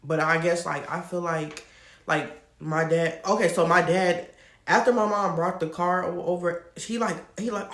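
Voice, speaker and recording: A man telling a personal story to camera in a casual, animated, slangy way. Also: high-pitched, unhurried, reverberant. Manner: animated, slangy, laughs often. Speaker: storytime vlogger.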